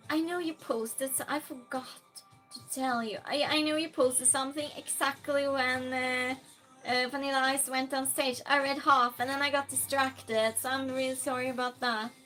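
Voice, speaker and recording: A woman with a high, bright, sharp voice chats to her live-stream viewers from a home room, talking slowly and unhurriedly. She reads out their comments, laughs easily and now and then yells out a cheerful greeting. Faint music plays behind her. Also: fairly even intonation. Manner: chatty and warm with viewers, often laughing, bursts of yelling greetings.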